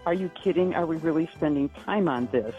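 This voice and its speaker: A woman's voice: deep voice, brisk, highs cut off, soft background music. A woman co-hosting talk radio, opinionated and exasperated, mocking a politician.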